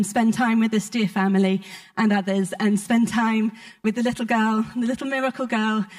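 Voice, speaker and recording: A woman's voice: a little high, a little mellow. Woman telling a heartfelt story in church. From United Kingdom. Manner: personal, heartfelt testimony with frequent ums. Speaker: preacher. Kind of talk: sermon storytelling.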